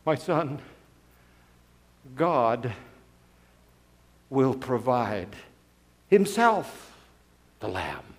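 A man voicing old Abraham, a trembling, faithful father, speaking slowly and solemnly. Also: medium pitch, very animated. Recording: long hall reverb.

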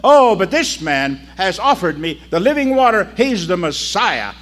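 Man doing an excited village woman. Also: high voice, moderate pace, voice pushed up. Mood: excited, pleading. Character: Samaritan woman, shamed then joyful.

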